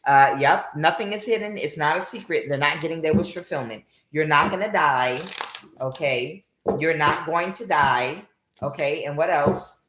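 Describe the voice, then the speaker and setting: A woman's voice: deep voice, moderate pace, a bit bright, reverberant, slight background noise. A woman giving a casual tarot reading, mocking and scolding, with many filler uhs. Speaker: tarot reader.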